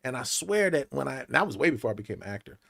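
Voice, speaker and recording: A man in his late forties, a podcast guest telling stories in an animated way, acting out the voices of the people in them. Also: mid-range voice, rapid-fire, creaky. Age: late 40s. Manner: lively, acts out quotes in big jumps of voice. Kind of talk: animated storytelling interview.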